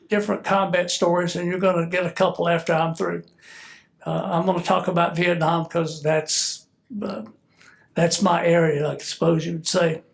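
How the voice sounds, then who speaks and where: Older Southern man, gravelly and congested. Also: sits high. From Georgia, US. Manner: easygoing, joking, unhurried. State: stuffy, congested. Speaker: guest speaker, retired military officer. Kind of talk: public speech at an event.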